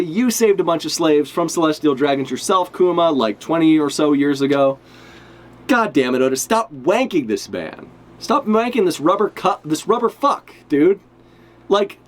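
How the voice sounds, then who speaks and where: A man giving live reaction commentary as a streamer, ranting and swearing in exasperation. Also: fairly high pitch.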